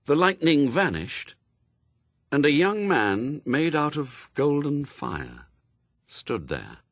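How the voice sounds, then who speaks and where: A man narrating a storybook in a wry, expressive reading, close to the mic. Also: fairly high pitch, slow pace. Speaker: audiobook narrator. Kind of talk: scripted narration.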